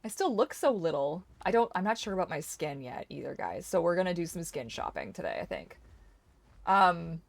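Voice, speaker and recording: Young woman, gaming streamer, casual commentary, chatty, swears, lowish voice. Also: sing-song, moderate pace, vocal fry. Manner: chatty, swears freely, exclaims loudly at the game. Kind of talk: casual gameplay commentary and chat.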